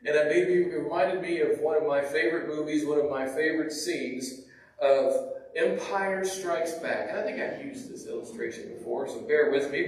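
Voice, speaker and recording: Higher-voiced preacher, echoey and distant. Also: male voice, slight background noise. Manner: conversational, with restarts and repeated words. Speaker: pastor. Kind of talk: sermon. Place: church sanctuary. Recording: echoey church from far off.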